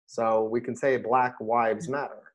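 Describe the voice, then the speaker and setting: A middle-aged man, a rabbi, chatting casually about scripture and telling stories with lively bursts when he quotes himself. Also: mid-range voice, measured pace. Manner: animated storyteller, rises sharply when quoting himself. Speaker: rabbi and podcast host. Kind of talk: casual Torah discussion and storytelling.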